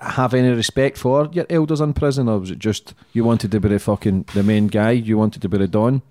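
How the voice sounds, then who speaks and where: A man's voice: lowish voice, fairly quick, darkish tone. A man hosting a podcast, asking questions in laid-back, sweary casual chat. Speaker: podcast host.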